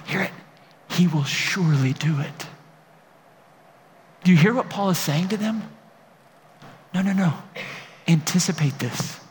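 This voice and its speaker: A man's voice: sits high, a little slow, long pauses, in a large hall, slight background noise. A man preaching a sermon as a pastor, emphatic and building to impassioned peaks, speaking in a large room.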